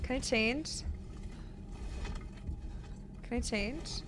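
A young woman streaming a horror game, reacting casually and excitably, swearing and gasping as she plays. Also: a little high, very slow, noisy background. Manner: excitable, swears, frequent gasps and squeals. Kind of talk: casual live gameplay reactions. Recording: game music playing behind.

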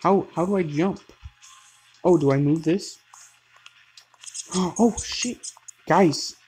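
A gaming host in the middle of a let's play, voice sitting at an ordinary middle pitch. The talk is casual and addressed to viewers, breaking into startled, loud, profane outbursts. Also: slow, slightly rough, faint music behind. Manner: excitable, loud outbursts, frequent swearing; talks straight to viewers.

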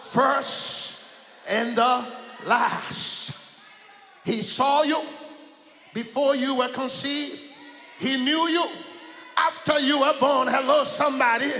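High, bright-voiced preacher in an echoing hall. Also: male voice. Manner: call-and-response preaching, often shouting and chanting. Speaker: pastor. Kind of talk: sermon. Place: large church sanctuary. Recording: echoey church hall.

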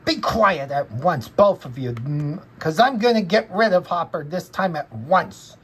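A woman's voice: medium pitch, fairly even intonation, slow, husky, voice pushed up, rough recording. A woman voicing Linus as a cross, stubborn young boy in amateur fan storytelling. She scolds angrily with many hesitant "mm" fillers.

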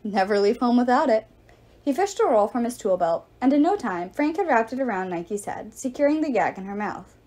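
A woman reads a novel aloud in a fairly high voice. Her narration is animated, with a lively, rising and falling pitch. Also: brisk. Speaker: audiobook reader.

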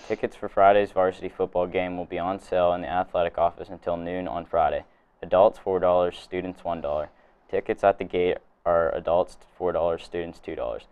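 Teen boy, very low voice, smooth and clear, monotone, reading school news, stumbles on words. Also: brisk, highs cut off. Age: teens. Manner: reads steadily, trips over a few words. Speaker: student announcer.

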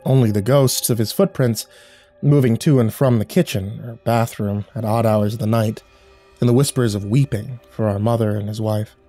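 A man narrating a horror story in a measured, somber storytelling voice. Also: fairly low pitch, steady tone. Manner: measured, somber storytelling with quiet dialogue reads. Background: faint music.

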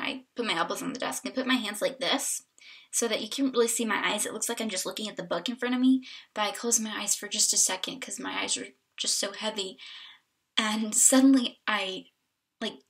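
A woman chatting casually in a vlog, telling stories with lots of fillers while filming at home and on a walk. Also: medium pitch. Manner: chatty, animated storytelling with fillers. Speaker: vlogger on an exchange stay. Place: home indoors and walking outdoors. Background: wind noise outdoors.

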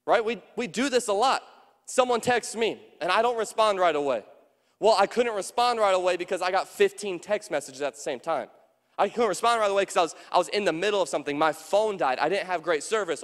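A man's voice: on the high side, in a large hall. A man preaching a sermon as a pastor, in a conversational way that asks the room questions and acts out quoted voices. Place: church sanctuary.

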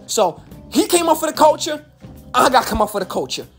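A woman's voice: on the high side, big pitch swings, a little fast, faint music behind. A woman from Baltimore, a YouTube commentator and rapper, delivering a hyped, profane reaction rant to camera and repeating phrases for emphasis.

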